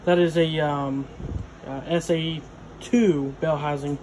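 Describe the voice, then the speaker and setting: A garage vlogger works on a vehicle in his home garage, rambling through casual work-along narration full of fillers and sometimes out of breath as he wrenches. His voice is fairly high, steady and unhurried with a darkish tone, and the recording carries a little hiss or hum.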